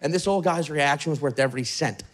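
A man doing stand-up, telling a story in a casual, animated way at a live show. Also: a little high, fast. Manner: animated, conversational, swearing. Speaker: stand-up comedian. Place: live show before an audience. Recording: live mic with crowd laughter.

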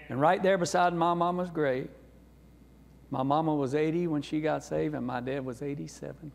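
A gravelly man in his sixties with a drawl, telling his testimony from the pulpit in a folksy, earnest way. His voice sits a little high, and it rings out in a reverberant church sanctuary with a long echo. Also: steady tone, moderate pace. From North Carolina. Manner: folksy, earnest, warm storyteller. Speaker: guest preacher. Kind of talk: sermon testimony storytelling.

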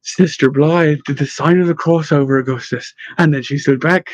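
A man narrating a storybook in a steady, even reading voice. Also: fairly high pitch, moderate pace, few pauses, no echo. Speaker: audiobook narrator. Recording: dull lo-fi dry recording.

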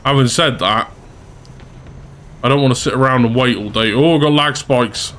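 A man's voice: medium pitch, normal speed, fairly bright tone. Chatty man commentating gameplay. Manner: chatty, self-deprecating, talks to viewers. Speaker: gaming channel host.

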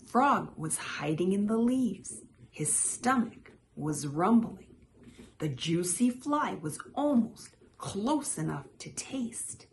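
A woman reading a children's picture book aloud as a storytime host, telling it in a clear, expressive way. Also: on the low side, takes it slowly. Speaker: storytime reader.

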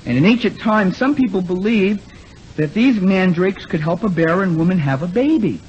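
Lively man preaching on a lo-fi recording. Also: high-pitched, normal speed. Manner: acts out quoted speakers, asks the audience. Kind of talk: congregation talk. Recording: lo-fi recording with faint noise.

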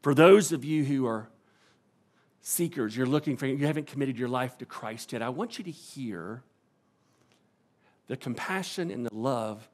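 A man preaching a sermon as pastor in a church, swinging from hushed, soft passages to loud, emphatic ones. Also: medium pitch, expressive, unhurried, pauses often. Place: church sanctuary.

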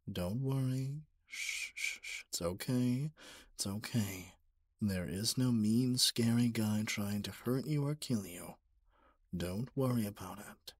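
A man voicing an obsessive young male stalker in a whispered role-play, talking softly with stammers and pleas. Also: mid-range voice, husky, dry recording, clean studio sound. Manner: soft, stammering, pleading.

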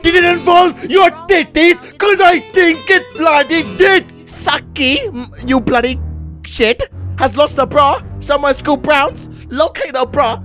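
A man's voice: measured pace, a bit bright, faint music behind. A man doing crude, rowdy comedic commentary over a video game. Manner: crude, rowdy, swings wildly in pitch. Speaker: gaming commentator. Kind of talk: comedic let's-play commentary.

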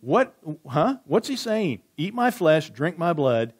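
A man preaches in a church, his voice sitting a little high for a man. He reads scripture slowly and quietly. Between readings he turns chatty, asking his congregation questions and answering back. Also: very animated, husky. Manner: conversational, asks the room questions and answers back. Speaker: pastor.

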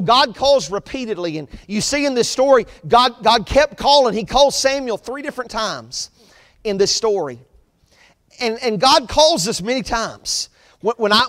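A man preaching a sermon as pastor, pressing points with rising emphasis and letting line ends fall soft. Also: high voice, in a large hall. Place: church sanctuary.

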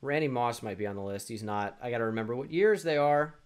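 Young guy muttering to himself thru a sports quiz, mid pitch, keeps restarting and calling himself dumb. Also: fast, clean tone. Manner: muttering, self-deprecating, thinking aloud with frequent restarts. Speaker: gaming YouTuber. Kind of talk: casual self-talk while playing a sports quiz.

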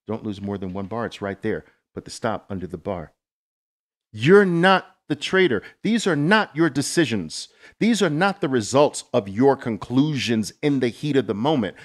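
A middle-aged man hosting a live trading Q&A, coaching viewers in an emphatic, motivational way, with dramatic storytelling. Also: medium pitch.

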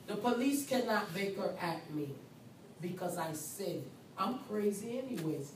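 A woman's voice: medium pitch, lively intonation, moderate pace, a little hiss or hum. A woman nursing instructor lecturing a class, speaking emphatically and repeating key points while acting as the patient in the first person. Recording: roomy, far from mic, faint ambience.

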